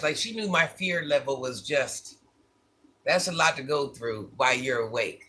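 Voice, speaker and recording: A man's voice: mid-range voice, moderate pace, bright, forceful tone, slightly rough. A man vlogging, casually telling his viewers a personal story, candid and repeating phrases for emphasis.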